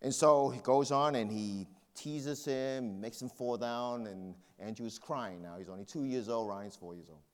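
A man's voice: medium pitch, measured pace, hardly any pauses, big-room sound. A man pastor preaching a sermon in a conversational way, telling personal stories.

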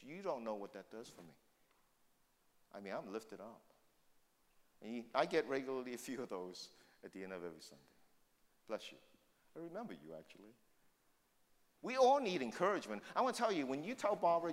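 An older man preaching a sermon as a pastor, shifting between loud emphatic points and quiet asides. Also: a little high, big pitch swings, a little fast, long pauses, long reverb tail.

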